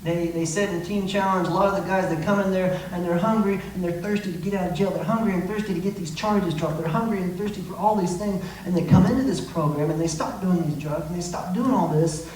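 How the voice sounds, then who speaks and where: A man's voice: sits high, fast talker, hardly any pauses, darkish tone. A man preaching a sermon as pastor, with impassioned delivery and acted-out quotes, recorded from a distance in a church. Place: church sanctuary. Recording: echoey room, mic from a distance, faint noise.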